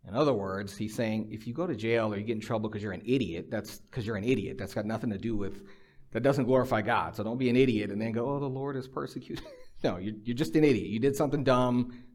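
A man's voice: lowish voice, quick pace, darkish tone. A middle-aged man preaching a sermon, mixing personal storytelling, dry humor and emphatic, conversational exhortation. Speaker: pastor.

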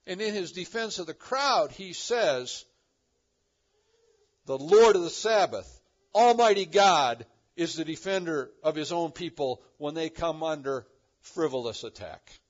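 A man's voice: on the high side, lively intonation, unhurried. Dynamic male preacher, muffled recording. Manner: dynamic preaching with big swings from loud to hushed. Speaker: pastor. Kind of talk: sermon.

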